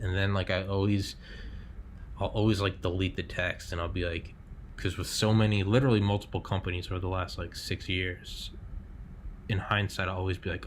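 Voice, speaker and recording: A man's voice: deep voice, steady tone, moderate pace, a little hiss or hum. A man hosting a podcast in casual chat, rambling and leaning on fillers and swearing. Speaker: podcast host.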